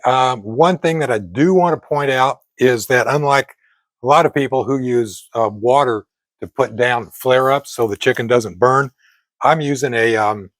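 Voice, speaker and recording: A man's voice: medium pitch, dry recording. Chatty older man at the grill. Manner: chatty and meandering, with frequent pauses and self-corrections. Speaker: fitness vlogger cooking at a grill. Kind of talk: casual talk to camera. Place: outdoors at a backyard grill.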